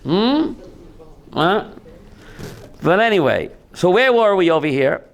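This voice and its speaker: High-voiced rabbi lecturing animatedly. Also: male voice, slow pace. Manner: animated, asks the audience questions, mixes Hebrew terms. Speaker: rabbi teaching a class. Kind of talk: lively Torah class lecture.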